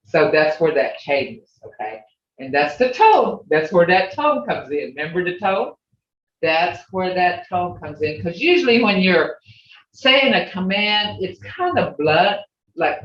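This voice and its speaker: A slow-speaking language teacher heard over a video call, with lively, swinging pitch as they repeat example phrases patiently. The audio is echoey and dull. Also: a little hiss or hum. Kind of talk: online language class.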